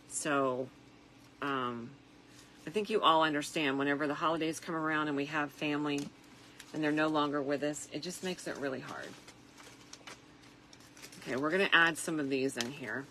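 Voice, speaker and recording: A tired middle-aged woman talks through a wreath craft in an unhurried, reflective way, dotted with fillers. Her voice sits low but has a bright, clear edge. A faint hiss runs underneath. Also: poor audio. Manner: soft-spoken and reflective, with frequent fillers. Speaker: craft vlogger. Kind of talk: casual crafting chat.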